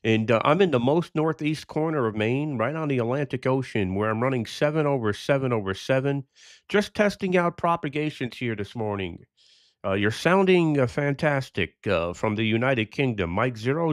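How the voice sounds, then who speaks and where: A man talks on the air during a ham radio contact. His pitch rises and falls with lively swings, and his voice sounds dry and close to the mic. He chats along easily, repeating himself and filling gaps with "uh". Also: moderate pace, no room sound. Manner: chatty, repeats himself with fillers. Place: remote radio station in northeast Maine.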